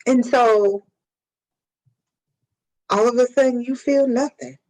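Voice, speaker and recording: A woman's voice: fairly high pitch, takes it slowly, darkish tone, low-quality recording. A woman co-hosting a casual podcast chat, speaking in a heartfelt way as she agrees and adds her own experience. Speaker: podcast co-host.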